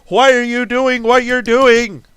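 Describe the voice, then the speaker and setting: A man's voice: extremely high pitch, fairly even intonation, measured pace, fairly bright tone, clean tone, dry recording. A young man at home ranting about a tabletop game, exasperated and swearing, often stumbling over restarts. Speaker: storyteller recounting a tabletop game. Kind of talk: ranting storytelling monologue.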